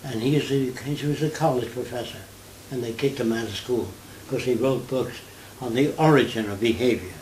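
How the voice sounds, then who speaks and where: An older man from New York, answering an interviewer in conversational storytelling, with anecdotes and quick mimicked accents. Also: mid-range voice, a little mellow, roomy sound, slight background noise, poor audio.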